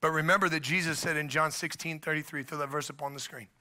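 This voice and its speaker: A middle-aged man preaching a sermon as pastor, animated, often acting out the voices of the people he quotes. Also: fairly high pitch, quick pace.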